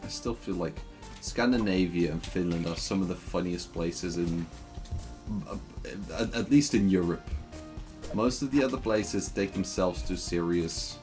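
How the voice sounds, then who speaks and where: A man's voice: sits low, unhurried, music in the background. A man streaming a game, joking and rambling with lots of fillers in casual commentary.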